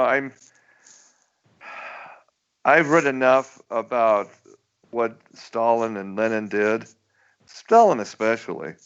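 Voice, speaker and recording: A man's voice: medium pitch, fairly bright tone, smooth. A male radio host in casual chat who stammers and restarts often and chuckles as he talks, over muffled lo-fi radio audio.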